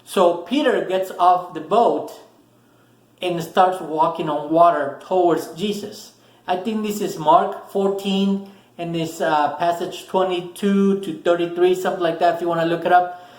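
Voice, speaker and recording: A man's voice: sits high, unhurried, a little mellow, roomy sound, rough recording. A man giving a casual, earnest motivational talk to camera, repeating words for emphasis. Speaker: motivational vlogger.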